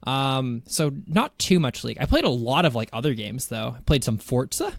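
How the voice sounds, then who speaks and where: A man's voice: mid-range voice, sing-song, moderate pace, creaky, no echo, clean studio sound. A man co-hosting a gaming podcast, chatting casually and rambling with chuckles. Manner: rambling, many fillers and restarts, chuckling. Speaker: podcast co-host.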